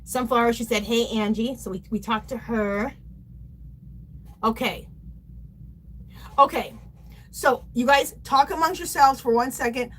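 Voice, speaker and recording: A woman's voice: fairly high pitch, a little slow, pauses often, a bit bright, slight background noise. Chatty, playful woman hosting a livestream. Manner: chatty and playful, reads viewer comments aloud, laughs often. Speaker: livestream host. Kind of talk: casual livestream chat.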